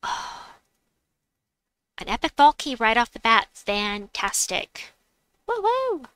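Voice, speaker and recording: A woman hosts a casual gaming livestream, chatty and playful, reading the chat aloud and making silly noises. Her voice is on the high side, unhurried, smooth and a bit bright, on a dry recording.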